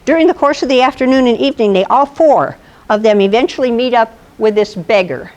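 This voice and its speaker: Playful female presenter at a live talk, higher pitch and very animated delivery. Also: fairly quick. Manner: playful, animated, asks the audience questions. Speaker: presenter at an astronomy club talk. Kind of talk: lively storytelling lecture.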